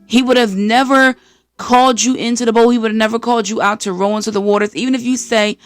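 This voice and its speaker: An American woman from the East Coast hosting a podcast, giving an energetic, preachy faith-based motivational talk and acting out voices of the people she quotes. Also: a little high, fast, dry recording, faint music behind. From East Coast of the United States. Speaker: podcast host.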